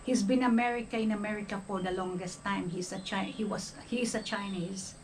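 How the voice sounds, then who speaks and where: The speaker is a retired nurse who vlogs, an older woman from the Philippines with a Filipino accent. Her medium-pitched voice stays steady as she talks fairly quickly in a casual monologue, often adding "okay?". A little hiss or hum runs through the low-quality recording.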